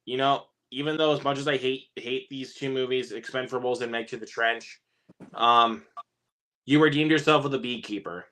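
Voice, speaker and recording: A man's voice: medium pitch, moderate pace, a bit bright. A man talking casually on a film review podcast, blunt and profane about movies he dislikes. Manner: blunt and swearing. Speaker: podcast co-host reviewing films. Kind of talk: casual chat.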